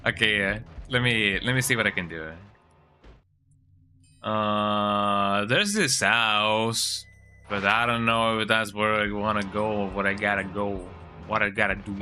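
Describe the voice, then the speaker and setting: A man's voice: lowish voice, measured pace, sharp tone, faint music behind. A man, streaming a horror game and rambling through crude jokes as he thinks aloud. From Mexico. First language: Spanish. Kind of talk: live game commentary.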